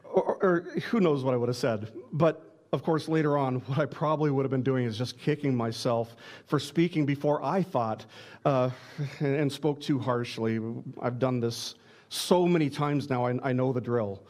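A pastor delivers a sermon in a mid-range, somewhat dark voice at an ordinary pace. He is earnest and direct, often stumbling and restarting words as he drives his points home.

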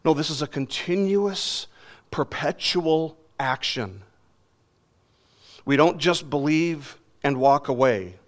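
A man's voice: mid-range voice, a bit bright. A man preaching a sermon in an earnest, emphatic way, repeating phrases for stress.

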